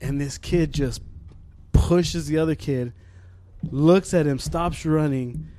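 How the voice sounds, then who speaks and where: A man's voice: fairly high pitch, slow, mellow. A man in his twenties co-hosting a podcast, chatting casually and joking with lots of "like" fillers. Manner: loose, joking, full of "like" fillers. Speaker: podcast co-host. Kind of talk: casual chat.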